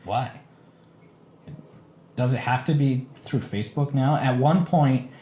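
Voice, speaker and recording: A man in his thirties co-hosting a casual podcast, telling animated, self-mocking stories. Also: mid-range voice, slow pace. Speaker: podcast co-host. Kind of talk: casual chat. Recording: echoey room with faint background noise.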